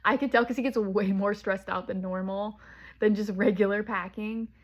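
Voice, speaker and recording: A woman's voice: mid-range voice, fairly even intonation, normal speed. A woman from Southern California, chatting casually to the camera at home while she packs, rambling with lots of "like" and "um.". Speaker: vlogger.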